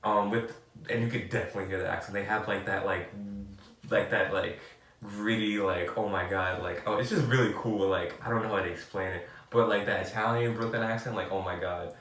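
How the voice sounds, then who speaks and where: A man's voice: lowish voice, a little fast. Rambling young New York man, roomy. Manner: rambling, heavy "like" filler, animated bursts. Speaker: podcast co-host. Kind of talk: casual chat. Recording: roomy and distant from the mic.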